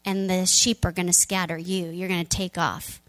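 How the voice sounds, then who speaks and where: A woman voicing a calm male teacher who gently and plainly warns his followers, close to her own speaking voice. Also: fairly low pitch, normal speed, natural voice. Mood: reassuring. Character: calm, reassuring male teacher foretelling hardship.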